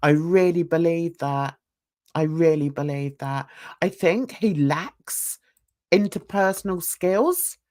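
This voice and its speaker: A woman's voice: on the low side, takes it slowly, a little mellow. A woman hosting a drama commentary show, giving emphatic, scornful opinions. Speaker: host.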